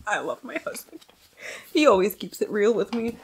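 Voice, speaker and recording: A woman's voice: mid-range voice, expressive, normal speed, slight background noise. A woman chatting casually about books for a vlog at home, scattered and jumping between thoughts, swearing freely and laughing often. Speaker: book vlogger. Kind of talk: casual book wrap-up chat.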